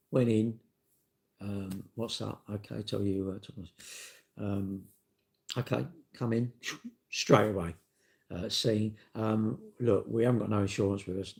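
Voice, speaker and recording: A man talks bluntly and swears freely, acting out quotes as he tells his stories. His voice sits low and has a gravelly rasp, with the loose flow of a casual live-stream rant. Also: a little mellow. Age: 60s. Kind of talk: casual ranting monologue.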